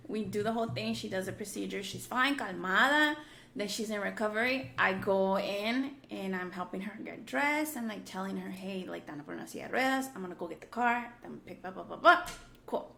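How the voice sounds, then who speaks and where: A woman in her thirties co-hosting a podcast, telling stories in a relaxed way, mixing English and Spanish and saying "like" often. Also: medium pitch, a little fast, creaky. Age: 30s. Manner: relaxed storytelling, mixes English and Spanish, peppered with "like". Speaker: podcast co-host. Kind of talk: candid casual chat. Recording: echoey room with faint background noise.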